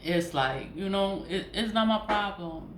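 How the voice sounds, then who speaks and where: Woman vlogger, from the United States, mid-pitch, ranting monologue, foul-mouthed and fed up, echoey room recording. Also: lively intonation, a little slow. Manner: profane, exasperated, laughs often. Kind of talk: casual venting monologue. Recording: echoey room with faint noise.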